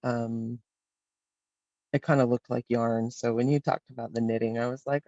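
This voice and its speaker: A woman's voice: rumbling low, steady tone, moderate pace, warm tone, no room sound, highs cut off. A woman participant sharing a personal experience in a group, reflective and hesitant with many fillers. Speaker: workshop participant.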